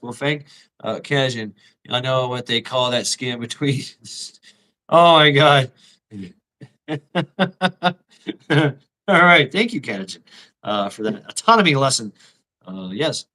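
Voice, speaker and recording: A man's voice: medium pitch, sharp tone. A middle-aged man hosting a casual livestream, crude and profane, laughing often and sounding tired and out of breath. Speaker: livestream host.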